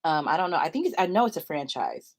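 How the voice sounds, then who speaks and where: A woman's voice: deep voice, sing-song. A young adult woman telling a story to the camera in a casual, rambling way, often giggling between thoughts. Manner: chatty, rambling, quick to giggle. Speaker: vlogger.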